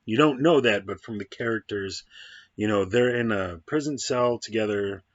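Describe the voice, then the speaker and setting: A man's voice: on the low side, normal speed, no room sound. A man giving a casual, rambling film review, full of ums and restarts, on a dull, dry, lo-fi recording. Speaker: movie reviewer.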